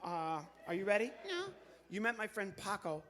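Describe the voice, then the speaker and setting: A man's voice: sits high, animated, moderate pace, fairly bright tone. A middle-aged man, a ventriloquist and comedian, performing live on a church stage as the exasperated straight man.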